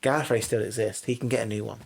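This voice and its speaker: A man's voice: medium pitch, steady tone, fast, vocal fry, slightly rough. A man co-hosting a podcast, chatting casually in a blunt, teasing and playfully stubborn way. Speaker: podcast co-host. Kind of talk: casual chat.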